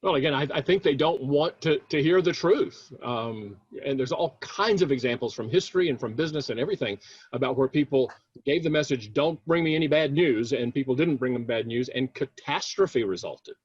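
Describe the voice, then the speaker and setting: A man reads audience comments aloud during a panel on a video call, often chiming in with quick agreement. His audio sounds dry and muffled. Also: mid-range voice, expressive, slightly rough, no echo. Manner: affirming, frequent short yeahs.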